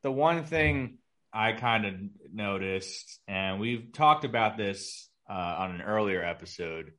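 An easygoing man in his thirties co-hosting a podcast, telling stories with a wry, relaxed edge. His voice sits a little low. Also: slow pace. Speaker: podcast co-host. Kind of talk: casual chat.

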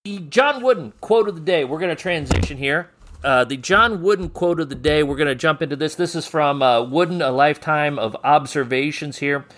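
A man's voice: fairly high pitch, a little fast, a bit bright, a little hiss or hum. A man hosting a coaching podcast in an easygoing, chatty way, teasing his guest and reading out a quote of the day. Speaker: podcast host. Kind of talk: casual podcast interview.

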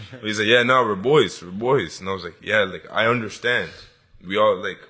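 A man's voice: lowish voice, normal speed, bright, forceful tone, breathy edge. A man co-hosting a casual podcast, telling slangy, laid-back stories with frequent laughter. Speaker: podcast co-host. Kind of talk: casual chat.

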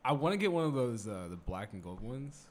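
A young man co-hosting a podcast, chatting casually in a quick, animated way, with lots of "like" fillers. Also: medium pitch, slight background noise. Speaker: podcast co-host. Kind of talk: casual chat.

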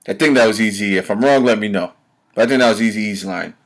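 A man's voice: medium pitch, a little fast, fairly bright tone. Blunt, profane man ranting on his podcast. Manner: rhetorical questions at listeners. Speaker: podcast host. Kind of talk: solo opinion rant.

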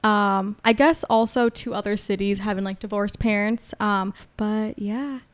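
A woman's voice: medium pitch, fairly even intonation, measured pace, smooth. A woman chatting casually as a podcast guest, telling stories and laughing often. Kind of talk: casual chat.

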